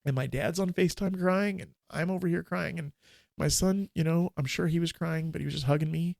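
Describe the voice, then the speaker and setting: A man in his forties, a minister and podcast guest, telling a candid, emotional personal story in a halting way with many restarts. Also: fairly high pitch, gravelly, a little mellow, dry recording, studio quality.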